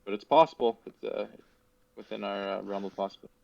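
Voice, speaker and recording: A man at a tabletop game, talking quickly and rambling. His voice sits somewhat low and comes through a dull, lo-fi mic with a dry sound. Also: creaky, dark tone, dry recording. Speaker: player. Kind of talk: casual tabletop play.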